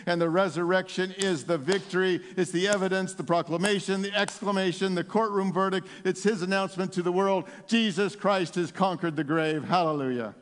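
A man preaching in a church with a high-pitched voice that swings from near-whispers to ringing declarations. The sound carries a long reverb tail from the large sanctuary. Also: steady tone, brisk, few pauses. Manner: swings between hushed intimacy and loud exclamation. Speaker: pastor. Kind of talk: Easter sermon.

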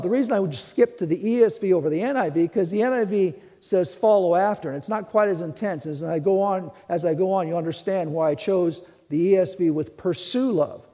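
High-voiced man preaching in a reverberant hall. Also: mellow. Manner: teaching, repeats phrases, emphatic restarts. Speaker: pastor. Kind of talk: sermon.

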